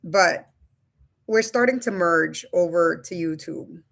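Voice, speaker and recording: A woman in her thirties or forties runs a casual webcam live stream from a room at home, chatting loosely and often addressing viewers as "you guys." Her voice sits on the low side, gravelly, with a slow pace.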